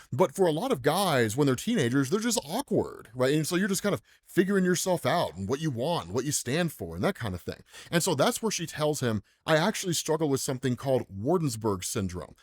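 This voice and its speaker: American guy explaining comics, chatty and animated, laughs a lot, kinda high voice. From United States. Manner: chatty, says "right?" constantly, laughs often. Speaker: comics explainer channel host. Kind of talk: casual commentary reading comic panels.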